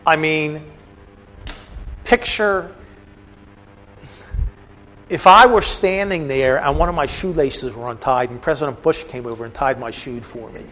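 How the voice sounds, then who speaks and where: A man's voice: on the high side, measured pace, long pauses, pushed and bright, slight background noise. A man teaching a bible class, explaining a passage with casual asides to the listeners. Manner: conversational, asides to the audience.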